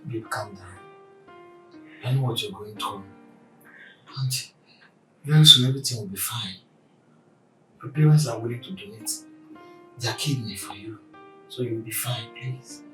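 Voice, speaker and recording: An actor playing a devoted, worried young boyfriend with a Nigerian accent, speaking softly and earnestly in a film drama. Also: male voice, mid-range voice, measured pace, pauses often, roomy sound, faint music behind. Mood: soothing.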